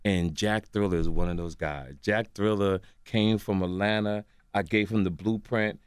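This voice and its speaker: An older man, a guest comedian on a radio show, telling stories excitedly, slipping into other people's voices and laughing while he talks. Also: lowish voice, normal speed, clear, resonant tone, no room sound, studio quality. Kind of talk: animated radio interview storytelling. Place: radio studio.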